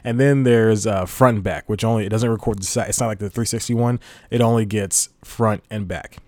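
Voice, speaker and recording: A man's voice: on the low side, fairly even intonation, brisk, a little mellow, no echo. A man hosting a casual solo podcast, rambling and laughing at his own jokes. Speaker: podcast host.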